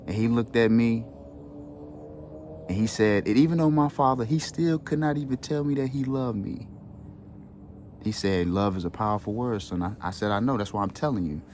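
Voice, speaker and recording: A man's voice: medium pitch, moderate pace, pauses often, a little mellow, a little hiss or hum. A man with children telling an emotional personal story in a casual, earnest way, sprinkled with street slang. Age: adult with children. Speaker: wellness channel host.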